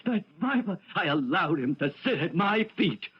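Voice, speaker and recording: An actor playing a high-strung, grandiose male fashion designer in a 1970s radio drama, wailing and melodramatic. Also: sing-song, normal speed, breathy edge, heavily acted. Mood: anguished. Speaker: couturier. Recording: dull lo-fi radio broadcast.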